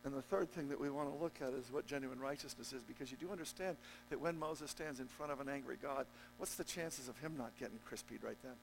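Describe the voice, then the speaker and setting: A man preaching a sermon as pastor, joking with the congregation and swinging between loud emphatic peaks and low, quiet stretches. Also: quick pace, gravelly, few pauses, a little hiss or hum, poor audio. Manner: jokey, conversational asides to the congregation.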